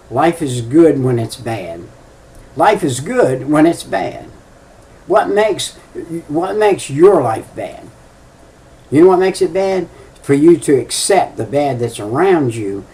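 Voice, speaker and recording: A man's voice: mid-range voice, a little mellow, distant mic, a little hiss or hum. An older man preaching a folksy sermon, telling stories with emphatic, chuckling delivery.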